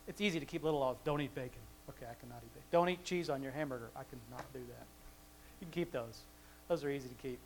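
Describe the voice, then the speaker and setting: A man reading scripture aloud and explaining it in a relaxed, conversational teaching style, with chuckling asides and frequent restarts. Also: on the high side, rough recording. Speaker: Bible teacher. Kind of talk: casual Bible study teaching.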